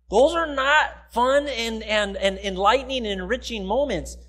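High-voiced man preaching conversationally. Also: expressive, a little fast, fairly bright tone. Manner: conversational preaching, acts out quoted complainers. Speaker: pastor. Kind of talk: sermon. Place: church sanctuary.

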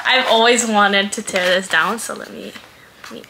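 A young woman vlogger chats her way through an unboxing, gushing, giggling, and saying "oh my god" often. Her voice is mid-range with fairly even intonation and a normal pace, and there is background noise in this casual unboxing vlog.

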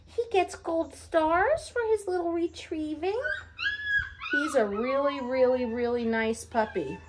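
Breeder woman, high swooping baby-talk praise, noisy recording. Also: a little slow. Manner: sing-song baby talk to a puppy, cooing praise. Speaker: dog breeder evaluating a puppy. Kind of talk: casual running commentary to camera and a puppy. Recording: noisy background.

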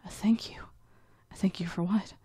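A woman voicing a frightened, skeptical young queen, speaking in a breathy half-whisper in a storybook reading. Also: mid-range voice, steady tone, moderate pace, warm tone, no echo. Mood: bewildered.

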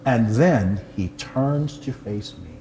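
An older man, a pastor, telling a personal testimony in an animated, humorous way and poking fun at himself. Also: mid-range voice, slow, slight background noise. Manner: animated, humorous, self-deprecating storyteller.

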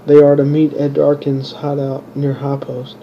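A man reading his own fantasy story aloud in a plain, monotone way, stumbling and restarting now and then. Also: a little high, moderate pace, lo-fi sound, slight background noise. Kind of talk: unpolished audiobook narration.

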